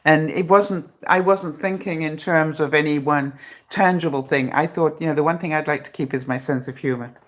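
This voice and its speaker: Low-voiced chatty woman livestreaming. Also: normal speed. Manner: chatty, laughs often, sarcastic humor. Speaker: vlogger hosting a live broadcast. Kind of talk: casual live-stream chat. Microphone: phone.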